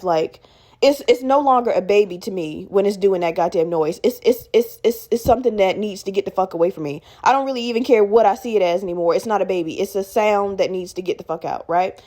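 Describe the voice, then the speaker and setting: Her voice medium-pitched and a little fast, a young woman hosts a podcast and relates a story in a relaxed, profane way. She is animated and imitates the people she quotes by raising her voice.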